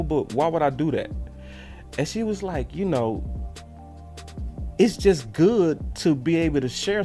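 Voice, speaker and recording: A man telling a story in a casual, animated way and acting out the voices of the people he quotes. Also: mid-range voice. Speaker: sports show host.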